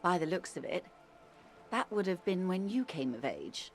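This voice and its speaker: A woman's voice: on the low side, very animated. A wry, worldly older lady. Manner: arch, measured, dryly ironic. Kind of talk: video game voice acting.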